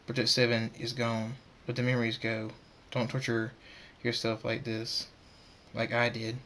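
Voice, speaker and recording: A man voicing a young male pegasus pony who speaks gently and reassuringly in a quiet, low-key way. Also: completely flat delivery, unhurried, slight background noise, lightly acted. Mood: comforting.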